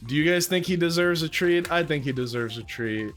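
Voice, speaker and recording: A young man with a fairly high, expressive, fairly bright voice talks briskly to his stream viewers from home. He swears now and then and coos baby talk at his cat, sitting close to a desk mic with soft music in the background.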